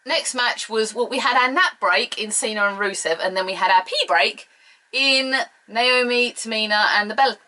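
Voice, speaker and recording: A woman's voice: a little high, normal speed, pushed and bright, rough recording. A British woman from the UK giving a casual solo review, blunt, sarcastic and opinionated. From United Kingdom. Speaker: show reviewer.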